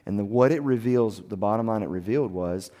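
A soft-spoken man preaching a sermon as a pastor, telling his story in an earnest, confessional way. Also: fairly low pitch, a little fast. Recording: long hall reverb.

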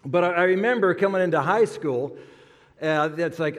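An older pastor with a high-pitched voice delivers a chatty, folksy sermon at normal speed, sprinkling it with jokes, stories, and fillers. He's in a church sanctuary, and the recording carries a long church reverb.

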